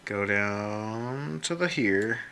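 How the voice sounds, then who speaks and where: This is an extremely slow, expressive male voice, pitched on the low side, with vocal fry and a bright, forceful tone; a little hiss or hum is audible. He's an illustrator casually talking through his drawing of characters on a computer, rambling, cracking jokes to himself, and swearing mildly.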